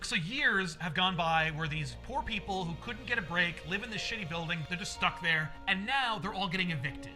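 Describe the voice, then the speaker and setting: A man with a high-set, sharply bright voice hosts a laid-back comics chat. He narrates with animated energy, full of "like" and the odd swear word. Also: normal speed, few pauses, faint music behind. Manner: animated storytelling, heavy use of "like", swears. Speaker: podcast host. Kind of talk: casual comic book discussion.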